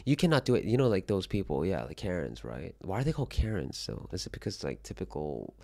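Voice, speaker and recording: A man's voice: sits low, brisk, creaky. A young man from Korea hosting a casual solo show, rambling and joking with frequent swearing. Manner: rambling, animated, swears freely, jokey. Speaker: livestream host. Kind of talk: casual chat reacting to chat.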